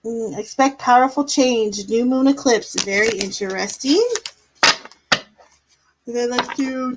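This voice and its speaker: A woman's voice: on the high side, measured pace, long pauses, a little hiss or hum, low-quality recording. A woman doing tarot readings on a live stream, chatty, laughing now and then, drawing out her words. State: yawning, a bit tired. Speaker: tarot reader.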